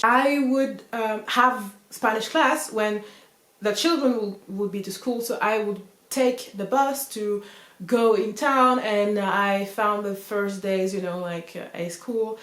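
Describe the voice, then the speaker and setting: A woman's voice: mid-range voice, measured pace. A woman, telling a personal story in English in a casual, rambling way full of "like" and "you know". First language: French. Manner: chatty, rambling, heavy use of "like" and "you know". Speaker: vlogger. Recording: roomy echoey room.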